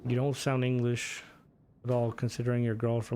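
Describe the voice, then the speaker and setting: A man's voice: mid-range voice, monotone, moderate pace, dark tone, a little hiss or hum. A young Irish man chatting casually on a game stream, rambling, swearing freely and answering chat.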